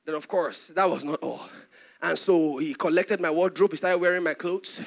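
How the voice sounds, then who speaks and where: A man's voice: fairly high pitch, fairly even intonation, moderate pace, gravelly. A man with a Nigerian accent, a pastor preaching a sermon in a dramatic storytelling way. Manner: dramatic storytelling preacher who acts out the voices.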